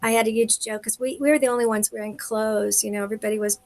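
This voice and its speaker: A woman with a slightly high voice, talking on a live video call. She tells a story in a casual, animated way, with quick asides and laughs. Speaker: singer, guest. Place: home, live video stream.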